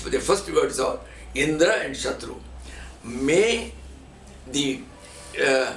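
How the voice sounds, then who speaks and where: A man's voice: fairly high pitch, a bit bright. A man giving a spiritual teaching talk as a swami, telling stories and chanting Sanskrit verses as examples. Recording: echoey room from far off, faint noise.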